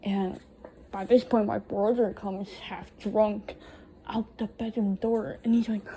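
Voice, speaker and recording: Slow, mellow young woman telling a story. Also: medium pitch, little pitch movement, low-quality recording. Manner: blunt, swears freely, recounts events breathlessly. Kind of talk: casual first-person storytelling.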